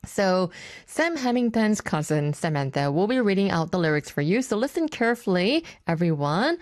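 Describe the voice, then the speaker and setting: A woman's voice: mid-range voice, sing-song, moderate pace, no echo. A woman in her thirties hosting a radio show, chatting in a mix of Korean and English.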